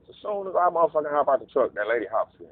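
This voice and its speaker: A man telling a casual, profane story, animated and acting out voices in quotes. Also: on the high side, very fast, no room sound. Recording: narrow phone-like dry sound.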